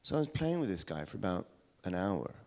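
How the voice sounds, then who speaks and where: A man's voice: sits low, very animated, brisk, a little mellow. A male pastor from England with a British accent tinged with American, preaching a sermon at a church service in a storytelling way, often restarting his sentences.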